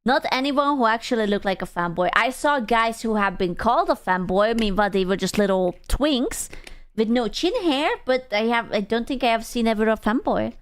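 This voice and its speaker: A young adult woman streams and chats with her audience in a casual, teasing way, with crude jokes along the way. Her voice sits high and comes through clean and smooth. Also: animated, moderate pace. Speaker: VTuber streamer.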